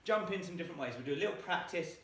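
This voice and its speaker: A man with a slightly high, expressive voice leads a home workout, counting each jump aloud very fast as he grows breathless. He's in a small room at home, and the echoey recording picks him up from a distant mic.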